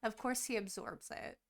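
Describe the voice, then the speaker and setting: Gravelly-voiced woman retelling a plot. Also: fairly high pitch. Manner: animated, profane plot retelling. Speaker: podcast co-host. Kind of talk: casual book chat.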